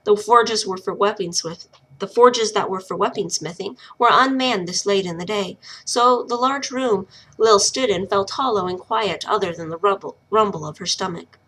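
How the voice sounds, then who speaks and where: A woman reads a chapter of her own novel aloud and narrates in a plain, unhurried way. She trips over a word now and then and corrects herself. Her voice is bright and sits at an ordinary middle pitch.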